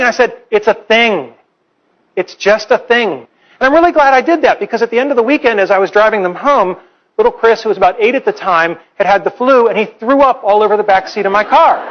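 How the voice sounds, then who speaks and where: A professor in his forties gives a humorous, earnest public lecture, his voice sitting high for a man. He tells stories in a wry, playful way. The recording sounds a little dull and muffled.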